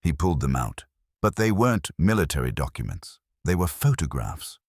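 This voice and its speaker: A man narrating a scripted story in a slow, solemn, measured way. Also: extremely low pitch, sing-song, husky, no echo, clean studio sound.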